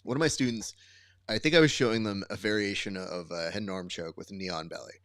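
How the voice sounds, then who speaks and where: A man co-hosting a casual grappling podcast as a coach, telling stories in an animated way and acting out the voices of the people in them. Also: on the low side, fast talker, no room sound, clean studio sound. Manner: animated storyteller who acts out quotes.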